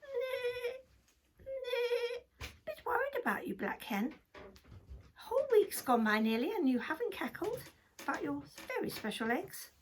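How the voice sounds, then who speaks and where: Kind worried horse, neighs, high and lively, voiced by a woman. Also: a little slow, heavily acted. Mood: concerned. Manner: neighing, gentle. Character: kindly worried male farm horse.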